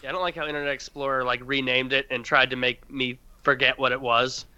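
A man's voice: mid-range voice, little pitch movement, fast, sharp tone, clean tone, highs cut off. A man telling stories in a casual podcast chat, mocking the people he quotes. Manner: storytelling, mocking impressions of others. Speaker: podcast co-host.

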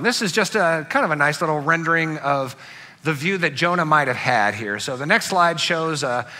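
Male pastor, sermon delivery, slightly high and bright, animated storyteller. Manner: animated, acts out angry outbursts.

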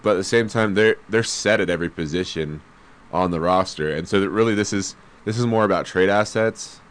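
A man with a low, resonant voice chatting casually about sports. He explains his views in a measured way, hedging and circling back with fillers. His tone is clean and smooth throughout.

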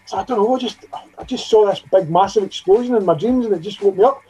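Quick man, high and mellow voice, dull recording with faint music. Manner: rapid, restarts a lot. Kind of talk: casual storytelling chat.

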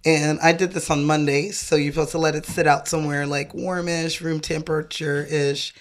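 A woman's voice: low-pitched, flat delivery, normal speed. A young woman co-hosting a casual chat, explaining drinks in a laid-back, rambling way with frequent laughs. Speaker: co-host making cocktails.

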